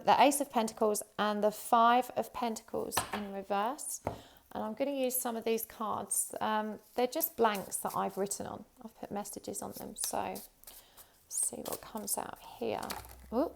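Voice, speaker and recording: A woman's voice: mid-range voice, fairly even intonation, a little slow, gravelly. A woman giving a chatty tarot reading straight to her viewers, talking casually with many fillers. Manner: chatty, warm-hearted, many ums and you-knows. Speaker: tarot reader.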